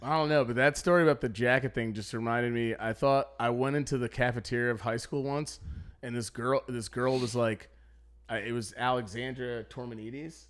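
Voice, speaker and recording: A man's voice: mid-range voice, moderate pace. A man in his thirties co-hosting a podcast, telling stories in casual chat and acting out his own panicked voice. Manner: animated storyteller, acts out his own panicked voice. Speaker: podcast co-host.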